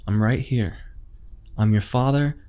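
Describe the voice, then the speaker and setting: Creature mimicking a kind dad, gentle, soothing; male narrator doing it. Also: medium pitch, unhurried, clean tone, natural voice. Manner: soft, soothing, fatherly.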